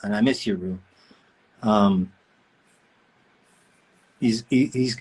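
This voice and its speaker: A man's voice: lowish voice, measured pace, pauses often, slightly rough. A man, a voice actor, chats in a playful, joking way with fans while signing autographs on a livestream. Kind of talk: casual livestream chat. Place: indoor room.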